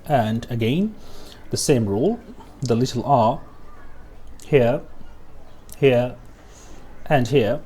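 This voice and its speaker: A man with a mid-range, dark-toned voice teaches English pronunciation slowly. He says example words twice, often tags on "okay?" to check in, and pauses now and then to cough.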